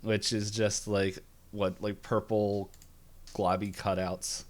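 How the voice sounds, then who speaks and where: A man's voice: lowish voice, little pitch movement, slow. Chatty man who laughs a lot. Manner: chatty, laughs often, acts out quotes in silly voices. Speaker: podcast co-host. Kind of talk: casual chat recapping a cartoon episode. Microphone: video call or webcam setup.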